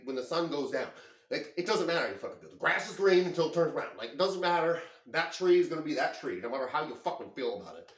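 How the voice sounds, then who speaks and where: A man venting in an intense, profane monologue, leaning heavily on filler words. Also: on the high side. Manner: heavy use of filler words. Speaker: vlogger. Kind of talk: emotional monologue. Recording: echoey room.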